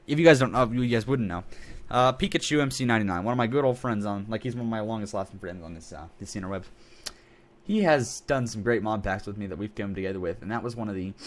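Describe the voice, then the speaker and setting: A young man hosting a casual game video, rambling and joking as he corrects himself mid-sentence. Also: mid-range voice. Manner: rambling, self-correcting, jokey. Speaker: gaming channel host.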